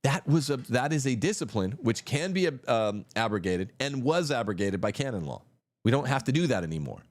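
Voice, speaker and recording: A man's voice: mid-range voice, sing-song, fairly quick. A man hosting a livestream, arguing in a combative, mocking way. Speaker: host. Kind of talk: livestream commentary.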